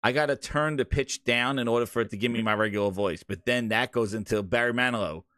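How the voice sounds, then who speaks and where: A man's voice: mid-range voice, fast, fairly bright tone, dry recording, clean studio sound. A man hosting a gaming live stream, flustered and rambling with laughs as his audio keeps failing, talking into a home streaming microphone. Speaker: show host. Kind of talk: live-stream casual chat.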